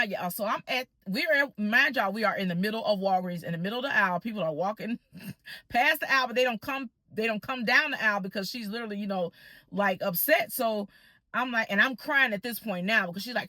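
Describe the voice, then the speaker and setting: A woman telling a personal story to her viewers in a casual, animated way, acting out the people she quotes. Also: mid-range voice, fairly quick, dry recording. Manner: animated, addresses viewers as y'all, acts out quoted voices. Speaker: vlogger.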